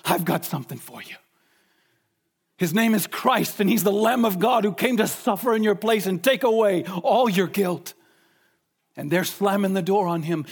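A man preaching a sermon emphatically, asking rhetorical questions and slowing down to stress key points. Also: sits high.

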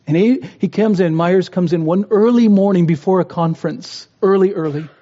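A man's voice: high-pitched, normal speed, dark tone. A man preaching a sermon, earnest and building to impassioned pleas. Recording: dull, roomy hall sound.

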